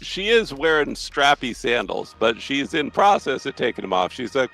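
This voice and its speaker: Gravelly game master narrating a scene. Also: male voice, medium pitch, very animated, moderate pace, hardly any pauses, pushed and bright, soft background music, rough recording. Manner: describes scenes loosely, with frequent restarts.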